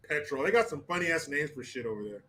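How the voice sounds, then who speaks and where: A man's voice: fairly high pitch, sharp tone. An American man hosting a livestream. He reads chat comments aloud with crude, laughing, mocking banter. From United States. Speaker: host.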